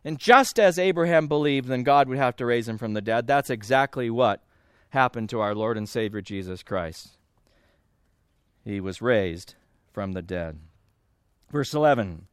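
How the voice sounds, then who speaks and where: A man preaching a sermon as pastor, earnest, swinging between emphatic rises and hushed low passages. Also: normal speed, clean tone, no echo, studio quality.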